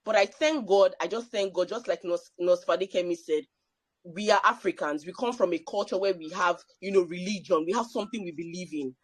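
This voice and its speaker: A woman's voice: lowish voice, brisk, dry recording. Emphatic woman, dry close sound. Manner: emphatic, repeats phrases for effect. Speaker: panel speaker. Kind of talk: personal testimony at a panel.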